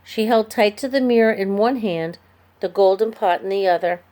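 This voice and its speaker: Woman narrator for a children's chapter book, expressive, mid-pitched voice. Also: normal speed. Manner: storybook reading, expressive. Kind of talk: scripted narration.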